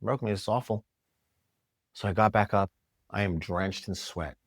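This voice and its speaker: A man, a chiropractor, telling a story in a podcast interview in an animated way, acting out what others said to him. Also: fairly low pitch, moderate pace, no echo, studio quality. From United States. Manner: animated, acts out quoted dialogue. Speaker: chiropractor guest. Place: podcast studio.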